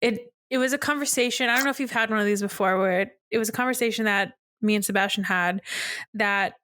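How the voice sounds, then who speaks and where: A woman's voice: medium pitch, fast, sharp tone, dry recording. A young woman co-hosting a podcast, telling a story in a casual chat with her brother and laughing often as she talks. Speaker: podcast co-host.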